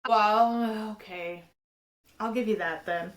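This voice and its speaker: A woman co-hosting a casual chat podcast, easygoing and quick to laugh. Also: medium pitch. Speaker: podcast co-host. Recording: roomy echo.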